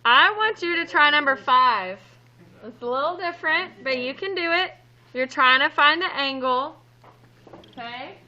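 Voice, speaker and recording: A woman's bright, fairly high voice guides a classroom math lesson at an unhurried pace. She sounds upbeat and playful and stays teasing with her students. The audio is a little dull and muffled. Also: expressive. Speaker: math teacher.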